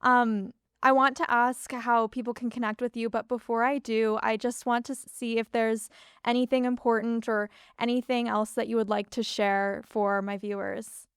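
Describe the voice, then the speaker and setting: A woman hosting a podcast interview over a video call, speaking softly and gratefully to her guest. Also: on the high side, flat delivery, moderate pace, clear, resonant tone, no room sound, studio quality. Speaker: podcast host.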